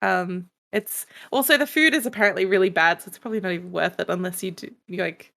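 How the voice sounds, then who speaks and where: A woman's voice: fairly low pitch, fast talker, creaky, a bit bright. A woman co-hosting a casual podcast, chatting with wry, dry humor. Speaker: podcast co-host.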